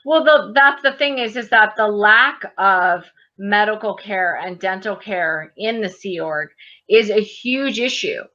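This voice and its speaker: A woman's voice: medium pitch, unhurried, bright, forceful tone, dull audio. A woman in her thirties telling a personal story in casual conversation, animatedly acting out the dialogue. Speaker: guest.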